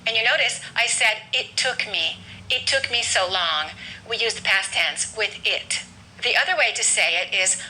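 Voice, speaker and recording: A woman teaching English vocabulary and pronunciation, speaking clearly and deliberately and repeating model phrases slowly. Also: medium pitch, bright, forceful tone, a little hiss or hum, low-quality recording. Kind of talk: scripted English lesson.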